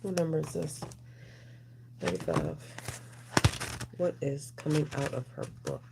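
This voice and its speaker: Low gravelly woman reading cards. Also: big pitch swings, unhurried, very noisy. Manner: rambling, chatty, talks to viewers and chat. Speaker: tarot reader. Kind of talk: casual card reading.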